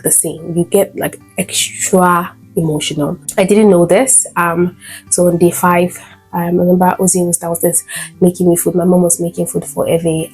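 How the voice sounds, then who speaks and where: A young woman vlogging casually about new motherhood, chatty with many fillers and sudden animated bursts. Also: fairly low pitch, husky, rough recording. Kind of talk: casual storytime vlog. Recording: faint guitar music behind.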